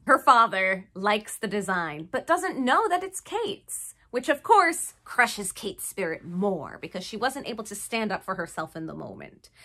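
A woman's voice: mid-range voice, bright, forceful tone. A woman casually recapping a movie, chatty and full of jokey asides.

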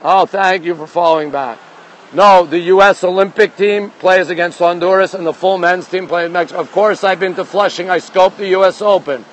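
A chatty middle-aged man with a somewhat high voice streams live from a phone as he walks city streets. He greets viewers, answers their comments as they come in, and tends to repeat his phrases. Traffic and street sounds are heard behind him. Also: fairly even intonation, moderate pace. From Montreal, Canada. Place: outdoors on city streets at night.

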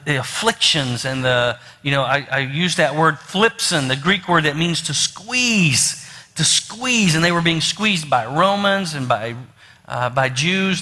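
A man's voice: on the high side, pushed and bright. A man with a West Virginian accent preaching a sermon as pastor, folksy and storytelling, with many fillers and restarts. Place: church sanctuary. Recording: long hall reverb.

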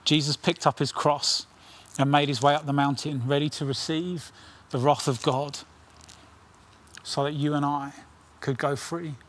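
A middle-aged man preaching a sermon with earnest intensity, dropping his voice low on key lines. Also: flat delivery, a bit bright, a little hiss or hum. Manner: earnest, dramatic pauses, drops to near whisper on key lines.

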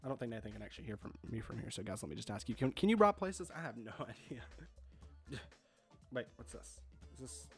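A man's voice: mid-range voice, very animated, brisk, gravelly, faint music behind. A young man casually commenting on a video game he is playing, chatty and confused, laughing often. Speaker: gaming video host.

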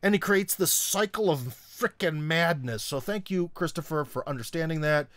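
A man's voice: on the high side, expressive, normal speed, a bit bright, no room sound, studio quality. A man hosting a live stream, reading viewer comments and answering in an opinionated, sarcastic, conversational way. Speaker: host.

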